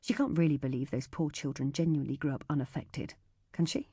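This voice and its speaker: A woman narrating a thriller audiobook in the first person, measured and tense. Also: low-pitched, warm tone, slightly rough, no echo, clean studio sound.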